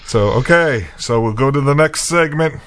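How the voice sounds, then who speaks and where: A man with a mid-range, slightly bright voice hosts a podcast at a normal pace, telling a rambling, self-mocking story full of fillers and chuckles in a casual chat. The sound is clean studio quality with no room sound.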